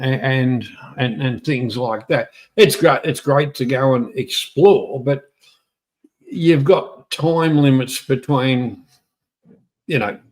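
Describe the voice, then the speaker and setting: A man in casual podcast chat stumbles and repeats words as he builds his point. He puts things bluntly. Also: mid-range voice. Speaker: podcast co-host.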